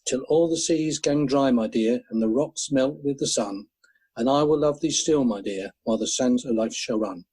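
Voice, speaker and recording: A man reciting poems in a measured, gentle way over an online call. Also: medium pitch, husky, rough recording. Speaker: poetry reader. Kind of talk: poetry reading.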